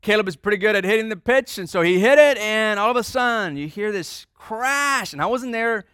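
Bright, clear-voiced male pastor preaching. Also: sits high, expressive, brisk, dry recording, studio quality. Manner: conversational storytelling, acting out quoted dialogue. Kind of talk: sermon.

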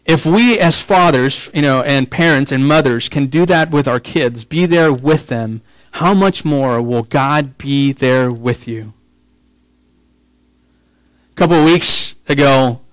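A man preaching a sermon as pastor, moving between slow, quiet emphasis and rising, excited passages, with casual asides and repeated words. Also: medium pitch, no room sound, low-quality recording.

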